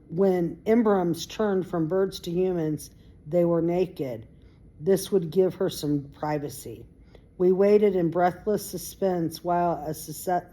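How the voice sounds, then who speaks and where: Amateur read-aloud, woman, low, mellow and very unhurried, trips over words and fixes them. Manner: unpolished read-aloud with stumbles and self-corrections. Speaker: reader. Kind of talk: reading a novel aloud.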